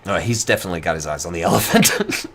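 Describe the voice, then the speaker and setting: A man narrating a tabletop game as game master, relaxed and chuckling, with many fillers. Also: deep voice, fast talker, a little hiss or hum.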